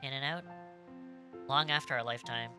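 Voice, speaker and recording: A streamer voicing a stern but gentle young woman, reading her game lines softly and wistfully. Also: mid-range voice, fairly even intonation, a little fast, over music, lightly acted.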